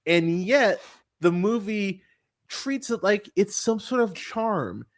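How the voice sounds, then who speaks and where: A man's voice: high voice, animated, slow. Exasperated, swearing male podcast host. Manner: exasperated, swearing, many fillers and restarts. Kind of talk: casual movie review rant.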